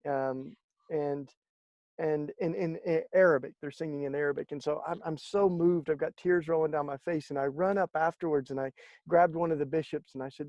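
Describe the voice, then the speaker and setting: A man, a guest in an interview, telling stories in a lively conversational way and acting out the voices of the people he quotes. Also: on the high side, normal speed, no echo. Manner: animated storyteller, acts out quoted speech. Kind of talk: conversational storytelling.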